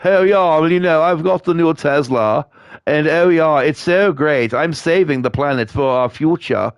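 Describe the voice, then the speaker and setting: A man putting on the voice of a smug, self-righteous posh man in a mocking, high, exaggerated way. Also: moderate pace, clear, resonant tone, no echo, close to an everyday voice.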